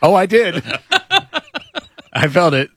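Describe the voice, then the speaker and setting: A man's voice: fairly high pitch, lively intonation, slow pace, dry recording. A man co-hosting a morning show, playful and exaggerated in casual banter.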